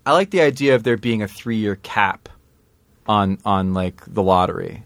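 A man's voice: lowish voice, normal speed, gravelly, fairly bright tone, no echo. A man co-hosting a podcast in casual chat, joking, laughing often and restarting his sentences. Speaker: podcast co-host.

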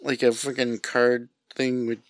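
A man's voice: medium pitch, flat delivery, measured pace, dry recording. A middle-aged man with a New England accent, co-hosting a podcast in casual chat and laughing often. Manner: laughs often, jokey asides. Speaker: podcast co-host.

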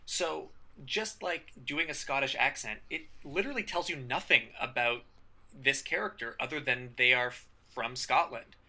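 A man with a very bright, forceful voice, chatting casually as a podcast co-host. He lays out improv advice patiently, like he is walking a beginner through it. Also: mid-range voice, normal speed. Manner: explanatory, teaching improv tips. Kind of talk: casual chat.

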